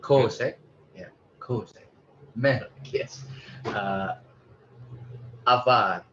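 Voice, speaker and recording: A man with an Indonesian accent, slowly sounding out Hebrew words in a lesson and repeating syllables tentatively. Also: on the low side, bright, forceful tone. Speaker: Hebrew student. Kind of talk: pronunciation practice in a lesson. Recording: dull lo-fi audio, faint noise.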